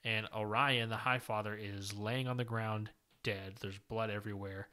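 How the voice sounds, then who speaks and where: A man co-hosting a podcast, giving a casual, lively recap of a comic book story with plenty of filler words. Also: on the low side, normal speed. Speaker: podcast co-host.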